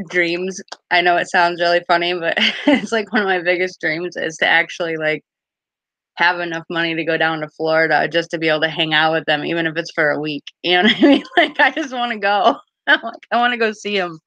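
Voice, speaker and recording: A woman's voice: on the low side, a little fast, bright, forceful tone, no room sound. A woman casually chatting on a live stream as a card reader, giggly and full of fillers.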